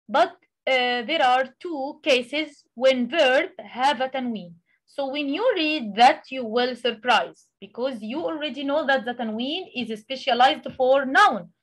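A woman who speaks Arabic natively, teaching a tajweed lesson in English, explaining with many pauses and reciting examples. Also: high voice. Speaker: Quran recitation tutor.

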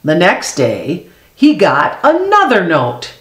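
A woman's voice: fairly low pitch, huge pitch swings, slow. A woman reading a children's picture book aloud expressively, voicing animal sound effects. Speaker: storyteller. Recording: echoey room.

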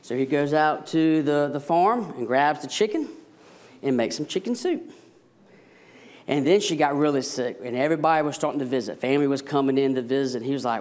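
A man's voice: a little high, fairly quick. A man, an associate pastor, preaching a sermon and telling a story with jokes. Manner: storytelling, animated, self-deprecating jokes.

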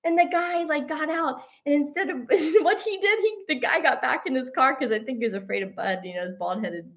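A woman's voice: high-pitched, a little fast. A woman hosting a talk show, speaking in an earnest, rambling, unscripted way with many fillers and restarts. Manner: animated when telling a story, breaking into laughs. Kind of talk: casual unscripted monologue.

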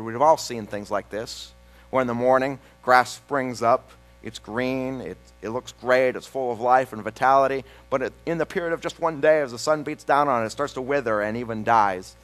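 A man pastor reading a psalm aloud and then preaching a sermon, slowing down and pausing for emphasis. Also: medium pitch, soft background music, poor audio. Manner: reads scripture then preaches with slow, emphatic pauses.

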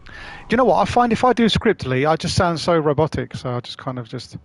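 A man's voice: fairly high pitch, big pitch swings, quick pace. A man chatting casually to his live-stream audience as he plays, rambling, swearing and using slang. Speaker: gaming streamer.

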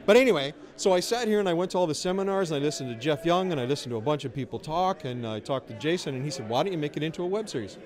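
A middle-aged man talks through a casual interview, his voice pitched a little higher than most men's. He spins his stories in a chatty way and pokes fun at himself along the way. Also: animated, rapid-fire, hardly any pauses. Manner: chatty storyteller, wry and self-deprecating. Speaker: interviewee, filmmaker. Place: outdoors at a festival.

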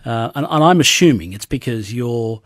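A man's voice: medium pitch, lively intonation, moderate pace, a bit bright, dry recording. An Australian man hosting a radio interview, probing with prompting questions. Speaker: radio host.

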